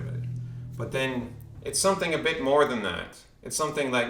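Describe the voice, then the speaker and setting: A man talks through a casual monologue that rambles and often restarts mid-phrase. His voice is bright and forward. A roomy echo sits around it. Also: mid-range voice, animated, moderate pace. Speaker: commentator vlogger.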